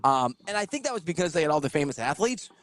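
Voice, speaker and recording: A man hosting a podcast, telling stories in casual chat with an animated, laughing delivery. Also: on the high side, fast. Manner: animated, laughing storyteller who swears. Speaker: podcast host.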